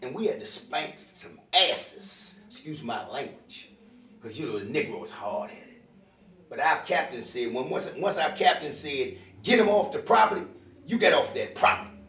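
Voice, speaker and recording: An older man speaks to a crowd with fiery emotion and a high, lively voice that rises and falls a great deal. He calls out to the people in the room, at times loud and at times low. He sounds far from the mic in an echoey room. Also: moderate pace. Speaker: audience member at a community town hall. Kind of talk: impassioned public speech. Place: bookstore meeting room.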